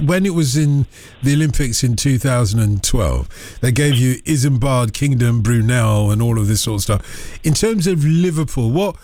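A man's voice: no echo, studio quality. A man hosting a radio phone-in, chatting casually and playfully with callers. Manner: chatty and playful, with lively pitch swings. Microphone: studio microphone.

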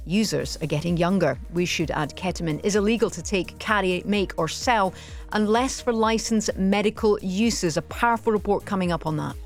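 A woman presenting news on breakfast radio, reading in a clear, measured way. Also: medium pitch, soft background music.

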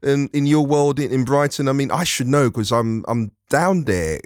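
A man's voice: mid-range voice, moderate pace, no echo, clean studio sound. A male radio presenter chatting with a caller on a phone-in show, talking in a friendly way with plenty of fillers. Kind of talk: phone-in chat. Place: radio studio.

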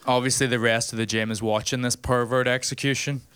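A man's voice: mid-range voice, level tone, fairly quick, fairly bright tone, clean tone. A man performing a stand-up comedy set, telling a story with acted-out voices and bantering with the crowd in a small room.

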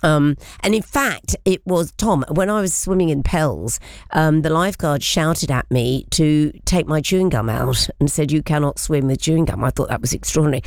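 A woman in her sixties with a notably low voice, interviewing a guest with eager enthusiasm. The sound is dry and close, with no room around it. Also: lively intonation, moderate pace, no room sound. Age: 60s. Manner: enthusiastic, gushing. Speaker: radio presenter. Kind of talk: casual interview chat.

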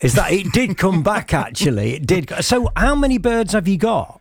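A man's voice: high voice, expressive, vocal fry, no echo. A male breakfast radio presenter, chatting and teasing a guest in the studio. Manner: chatty, teasing, quick to interrupt. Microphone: studio microphone.

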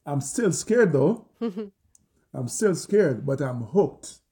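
An older man with a Jamaican accent, an interview guest telling his story vividly, acting out his own shouts and thoughts. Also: a little high, sing-song, extremely slow. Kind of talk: animated personal storytelling.

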